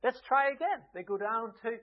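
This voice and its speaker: A man preaching a sermon, retelling a story in a lively way with humorous asides. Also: very high voice, normal speed. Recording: tinny phone-like lo-fi sound.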